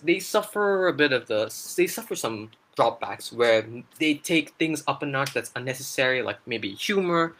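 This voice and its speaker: Excitable man with a bright voice. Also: medium pitch. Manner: excitable, enthusiastic fan talk. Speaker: gaming channel co-host. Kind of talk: casual gaming chat.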